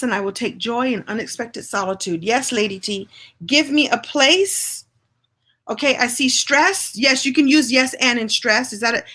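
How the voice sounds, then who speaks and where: A woman's voice: mid-range voice, sharp tone. A woman from New York hosting a live session, chatting playfully and often laughing as she plays an improv game with viewers. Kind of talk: lively live-stream chat with an improv game.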